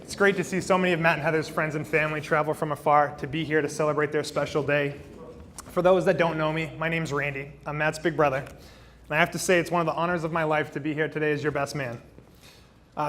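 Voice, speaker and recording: A man's voice: on the high side, fairly bright tone. A man in his thirties giving a best man toast at a wedding reception on a handheld microphone, joking at his own expense and often restarting his sentences. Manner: joking, self-deprecating, with frequent fillers and restarts. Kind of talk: wedding toast to a live crowd. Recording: noisy wedding reception recording.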